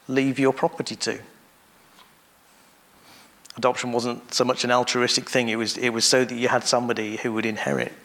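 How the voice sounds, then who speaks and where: Man, preacher, sermon, gravelly voice, measured, pauses and restarts. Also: mid-range voice, fairly bright tone, a little hiss or hum.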